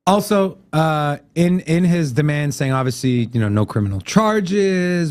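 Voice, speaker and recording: A man's voice: on the high side, expressive, measured pace, darkish tone. A man co-hosting a casual show, explaining a news item in a conversational way and reading out quotes. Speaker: co-host.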